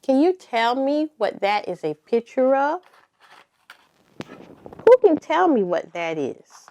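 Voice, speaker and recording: A woman leading a preschool circle time lesson, talking slowly and encouragingly and spelling words out letter by letter. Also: high-pitched, big pitch swings, mellow. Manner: slow, sing-song and encouraging, spelling letter by letter. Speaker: preschool teacher.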